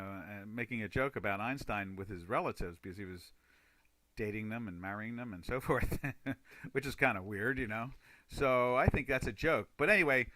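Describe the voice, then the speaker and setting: A man's voice: mid-range voice, sharp tone, dry recording. A man hosting a casual trading chat, rambling over his charts, often restarting sentences and chuckling at himself. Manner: rambling, chuckling, self-interrupting.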